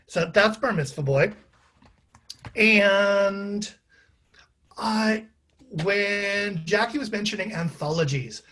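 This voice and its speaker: A chatty man speaking casually to a live audience, with self-deprecating asides and frequent fillers. His voice is husky and sits a little high for a man. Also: fairly bright tone. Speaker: author and playwright.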